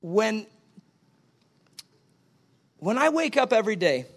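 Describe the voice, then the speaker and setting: A middle-aged male pastor preaching a sermon, animated and acting out both sides of little dialogues. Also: high voice, slow.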